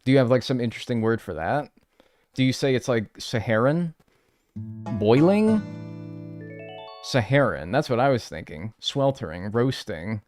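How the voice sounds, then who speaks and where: A man's voice: medium pitch, very animated, unhurried, long pauses, a little mellow, soft background music. A man streaming a game live, chatting casually and joking with his chat from his room.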